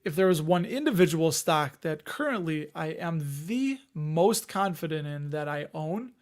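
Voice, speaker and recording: Rambling high-voiced man chatting live. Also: animated, unhurried. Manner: rambling, conversational, reads chat comments aloud. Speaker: host of a dividend investing live stream. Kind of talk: casual live-stream chat.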